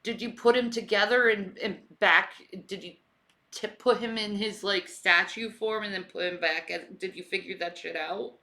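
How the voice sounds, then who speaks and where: A woman's voice: medium pitch, steady tone, moderate pace, pushed and bright. A woman in casual, joking chat.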